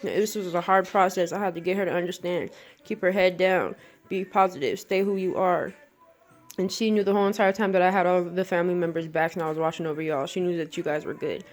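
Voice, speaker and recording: A woman's voice: on the low side, fairly even intonation, fast talker. A woman in an earnest, rambling spiritual monologue, speaking straight to the camera.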